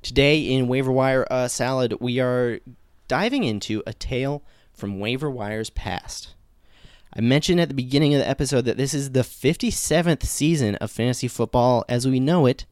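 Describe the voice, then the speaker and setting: A man hosts a podcast and tells a comic mock-historical tale, keeping it deadpan. His voice is smooth and resonant, recorded dry and close, and small fillers slip in along the way. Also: mid-range voice, normal speed, no echo. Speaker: podcast host.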